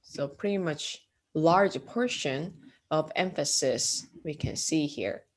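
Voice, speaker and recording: A woman gives an art lecture in a classroom. She speaks slowly and a little low, pausing on fillers and often clearing her throat as she goes. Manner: slow and hesitant, with frequent fillers and throat clearing. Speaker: art teacher.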